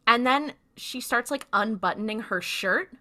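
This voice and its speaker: A woman's voice: fairly high pitch, a little slow, bright, forceful tone. A woman podcast co-host casually recapping a TV episode, chatty, with lots of fillers. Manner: chatty, filler-heavy retelling with quoted lines.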